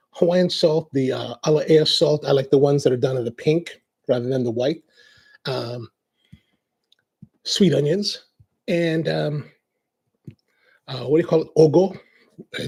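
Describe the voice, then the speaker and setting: A man's voice: a little high, creaky, a little mellow, slightly rough. A man hosting a coffee show, chatting casually in a rambling way, drifting off on tangents and restarting his sentences. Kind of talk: casual chat.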